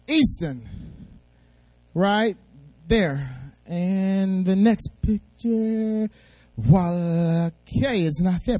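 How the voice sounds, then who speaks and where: A man speaking as a guest at a church service, telling a Bible story in a fast, playful way and drawing responses from the audience. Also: high-pitched, darkish tone, dry recording.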